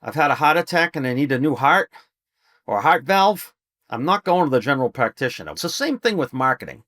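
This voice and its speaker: Middle-aged male trainer for a guest spot, emphatic and salesman-like, mid pitch, dry booth sound. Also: sing-song, fairly quick, a bit bright, no echo. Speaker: podcast guest, HVAC business trainer. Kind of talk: casual interview talk.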